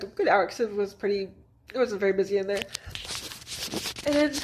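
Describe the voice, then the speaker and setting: A woman's voice: a little high, darkish tone. A woman in her thirties from northern Manitoba tells a personal story casually, rambling with lots of "like" and restarts. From northern Manitoba, Canada. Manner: rambling, heavy use of "like", frequent restarts and nervous laughs. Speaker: vlogger.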